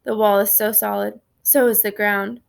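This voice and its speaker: A woman reading a storybook aloud in a steady first-person narration. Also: medium pitch, moderate pace, vocal fry. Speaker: reader.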